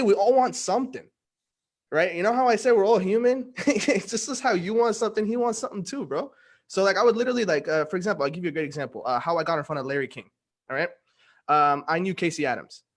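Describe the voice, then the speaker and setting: A young man telling a story in casual conversation, slangy and animated, acting out what people said. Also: high voice. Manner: slangy, animated, acts out quoted dialogue. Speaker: guest giving a testimonial.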